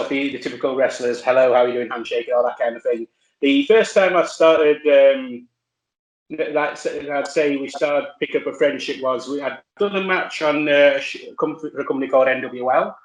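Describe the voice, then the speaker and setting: A man telling wrestling stories in casual chat, halting with many fillers and restarts. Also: medium pitch. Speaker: wrestler guest. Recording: roomy echo.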